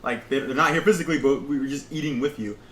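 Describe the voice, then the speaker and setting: Young dude on a podcast, fast and halting, keeps losing the word, echoey room, faint noise. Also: male voice, medium pitch, a bit bright. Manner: halting, searches for words. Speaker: podcast co-host. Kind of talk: casual chat.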